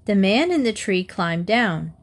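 A woman narrating children's fables in a gentle, measured storybook reading. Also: medium pitch, sing-song.

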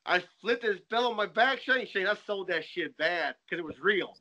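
A man's voice: high voice, animated, moderate pace, sharp tone, muffled recording. A man telling stories in casual banter with friends, laughing often and swearing freely.

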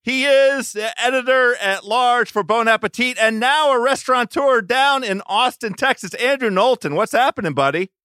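A man hosting a podcast, chatting casually with an animated manner and repeated stumbles. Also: very high-pitched, moderate pace, hardly any pauses, smooth, dry recording. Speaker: podcast host.

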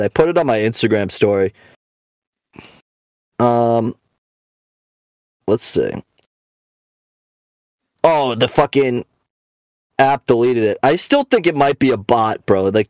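A man's voice: medium pitch, darkish tone, no echo. Young male podcast host, swears a lot, rambling mocking rant, dry close sound. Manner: profane, rambling storyteller; mocking, ranting. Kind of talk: casual podcast chat.

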